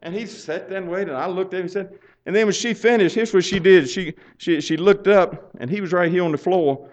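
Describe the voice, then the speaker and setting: An older man preaching a folksy sermon, telling stories and building up to loud urging. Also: high voice, a little fast. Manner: storytelling, chuckling, rising to loud exhortation. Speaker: pastor. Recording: muffled lo-fi sound.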